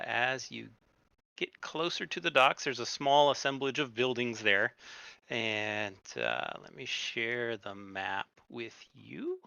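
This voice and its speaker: Man, game master, very bright tone, dry close sound, halting narration. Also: mid-range voice, creaky, clean tone, dry recording. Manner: halting, many fillers and restarts.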